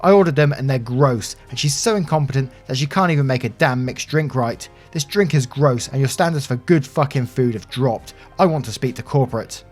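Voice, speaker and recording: A man's voice: medium pitch, brisk, hardly any pauses, natural voice. Guy putting on a furious cursing entitled mom, snappy, with music under it. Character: shrieking furious entitled middle-aged mother.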